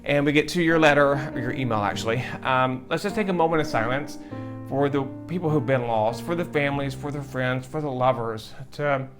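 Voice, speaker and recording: A man's voice: medium pitch, a little fast, music in the background. A man, hosting his own show and talking with emotion and repeating phrases for emphasis. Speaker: host. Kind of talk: heartfelt direct-to-camera talk.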